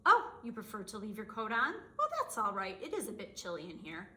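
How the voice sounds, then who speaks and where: A woman's voice: medium pitch, huge pitch swings, fairly quick, heavily acted. Woman putting on a kindly old grandmother. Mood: fussing kindly. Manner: warm, fussing, chatty. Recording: roomy echo.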